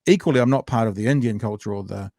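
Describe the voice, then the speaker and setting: A man's voice: fairly low pitch, fast talker, warm tone, no room sound, studio quality. A man hosting a conversational interview podcast, jumping in eagerly and restarting his sentences often. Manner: eager, jumps in with repeated restarts. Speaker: podcast host.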